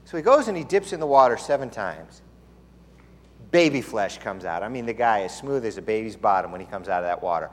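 A man's voice: fairly low pitch, lively intonation, fairly quick. A man preaching a sermon in a conversational storytelling way, with playful asides. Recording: long hall reverb.

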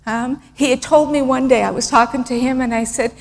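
A middle-aged woman tells stories from her missionary work in an earnest, emotional way, often restarting her sentences. Her voice sits fairly high. The sound carries a long reverb, as if from a large hall. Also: steady tone, brisk. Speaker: missionary speaker. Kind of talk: storytelling talk with slides.

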